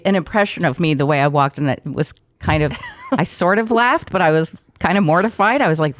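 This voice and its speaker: Middle-aged woman, radio pro, low voice, close dry studio mic, warm anecdotal guest. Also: a little fast, dry recording. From Brazil. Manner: warm, storytelling, laughs often, trained radio delivery. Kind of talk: casual interview chat.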